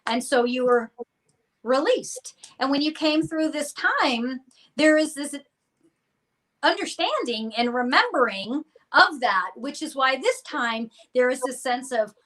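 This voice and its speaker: A woman giving an earnest, expressive psychic reading on a live stream. She acts out the listener's inner thoughts and laughs between phrases. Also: high voice, unhurried, poor audio. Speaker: psychic reader.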